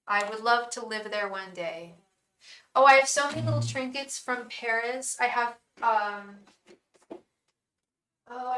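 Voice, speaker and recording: An English woman hosts a live tarot stream, chatting effusively with her viewers, greeting them by name and breaking off to restart sentences. Her voice sits on the high side, pushed and bright, in an echoey room. It's casual live-stream chat.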